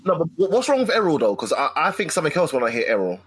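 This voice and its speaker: A man chatting casually as a podcast co-host, relaxed and slangy, calling people "mate" a lot. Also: fairly high pitch, rapid-fire, breathy edge, no room sound. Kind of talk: casual chat.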